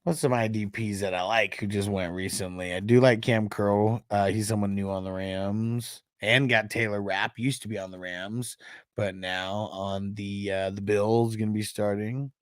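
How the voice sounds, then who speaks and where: A man's voice: on the low side, steady tone, normal speed, clean tone, dry recording, studio quality. A man hosting a fantasy football live stream in loose, casual chat, laughing often and swearing freely as he talks.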